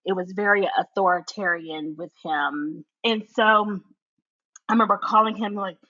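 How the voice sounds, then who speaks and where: A woman telling her own story in an interview, animated and laughing as she recounts it. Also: medium pitch, normal speed, dull audio.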